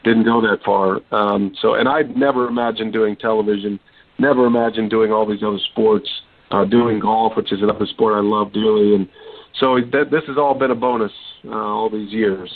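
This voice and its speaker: A man in his forties from Texas, a sports broadcaster telling his story in a relaxed interview with lots of ums and restarts. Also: lowish voice, normal speed. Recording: dry, tinny phone-line sound.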